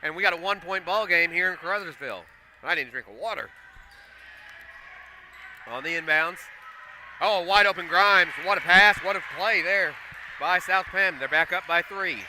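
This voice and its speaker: A man calling a school basketball game play by play, getting excitable and loud on big plays. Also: high voice, normal speed, long pauses, background noise. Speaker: play-by-play commentator. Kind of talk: live basketball commentary. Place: school gym.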